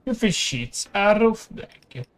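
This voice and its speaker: An Italian-accented man playing a role-playing game, reading the story text aloud haltingly with muttered asides. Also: sits high, very animated. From Italy. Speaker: gaming channel host.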